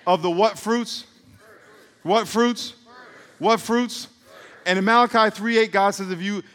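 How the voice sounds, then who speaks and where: A middle-aged man's voice sits high and a bit bright as he preaches from the pulpit of a church sanctuary. Between rambling, joking asides, he calls for the congregation to respond, and the recording carries the reverb of the hall.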